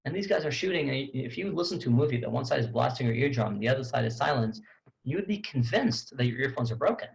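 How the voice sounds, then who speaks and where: A man with a gravelly, creaky voice at an ordinary middle pitch tells a story as a tour guide. His talk is halting, full of restarts and repeated words, but it stays lively and conversational. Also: rough recording. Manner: conversational, animated retelling.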